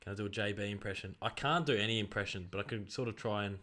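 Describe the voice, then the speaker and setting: Excitable Australian man calling play-by-play. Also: fairly low pitch, fast. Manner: excitable, rattles off player names and bursts into loud calls. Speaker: streamer commenting on a live game. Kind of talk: casual live play-by-play commentary.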